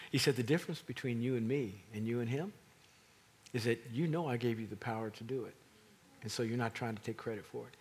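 A middle-aged man preaching a sermon, animated and rising to emphatic peaks. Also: medium pitch, slightly rough.

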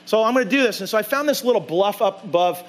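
In a church sanctuary, a male pastor with a high-pitched, expressive voice speaks fast. He preaches a conversational sermon, telling a story and acting out his own side of the dialogue.

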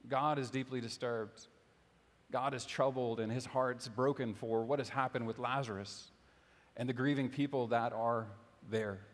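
A young man delivers a sermon in a relaxed, conversational way, dropping in light humor and casual fillers. His voice sits at an ordinary middle pitch for a man. The church around him carries his voice into a long, lingering reverb. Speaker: pastor. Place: church sanctuary.

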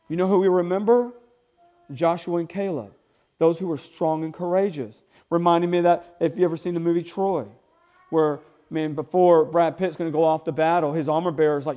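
A man's voice: on the high side, dark tone, highs cut off. A male pastor preaching a sermon, emphatic and repetitive, calling for responses from the congregation.

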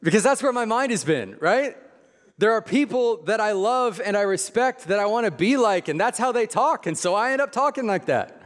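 Pastor preaching, male, somewhat high pitch, easygoing but emphatic, recorded in a reverberant church hall. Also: animated. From Midwest. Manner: conversational and emphatic, slowing on key phrases. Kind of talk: sermon.

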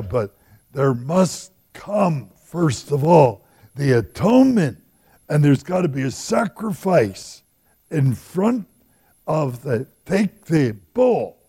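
Slow animated older-sounding Bible teacher man. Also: on the high side, husky. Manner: animated storytelling, acting out voices with humor. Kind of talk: folksy Bible study lecture.

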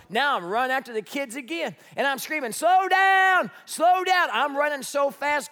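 Man, middle-aged pastor, high tenor voice, lively storytelling sermon, reverberant church hall. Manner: storytelling, animated, shouts in retellings. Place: church sanctuary.

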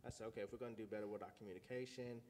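A man's voice: lowish voice, fairly even intonation, very fast, darkish tone, slight background noise. A man speaking as a guest about his marriage, in a laid-back, casual way. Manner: laid-back, says you know what I mean a lot. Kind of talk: casual interview chat.

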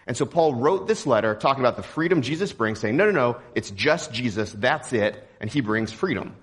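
A young man from Texas preaching a sermon in a relaxed, joking, conversational way. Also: mid-range voice, a little fast, breathy edge. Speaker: pastor.

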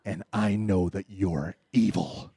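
A man voicing an indignant male churchgoer who stubbornly insists the speaker is evil, in a lower, quieter voice than his own. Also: steady tone, slow, slightly rough, no echo, studio quality, full character voice. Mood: accusing.

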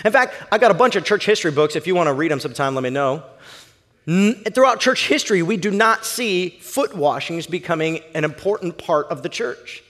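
A male pastor preaching a sermon in an emphatic, animated storytelling way. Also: a little high, fairly quick, in a large hall.

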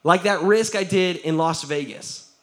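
A man, a pastor giving a lively sermon, acting out the quotes he tells and laughing often. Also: high voice, unhurried.

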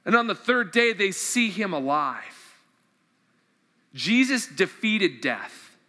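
A man's voice: sits high, big pitch swings, takes it slowly, sharp tone. A man preaching a sermon, enthusiastic and conversational, reading scripture and asking his listeners questions. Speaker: pastor. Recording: long hall reverb.

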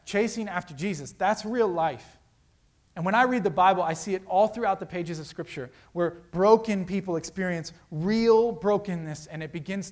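Preaching as a pastor, a man keeps an earnest, conversational tone. He rises to loud emphasis and drops to hushed quiet by turns.

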